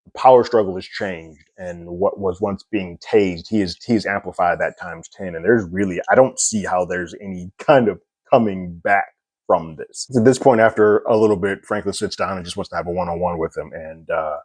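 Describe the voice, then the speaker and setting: A man giving a casual, animated recap and review of a TV episode, chuckling often. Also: sits low, no echo. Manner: animated, chuckles often, slips into quick impressions.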